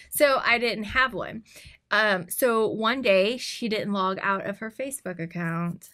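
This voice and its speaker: A woman's voice: medium pitch, a little slow. A woman in her thirties, co-hosting a podcast, telling a personal story in casual chat and acting out what people said. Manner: animated, acts out quoted lines. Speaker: podcast co-host.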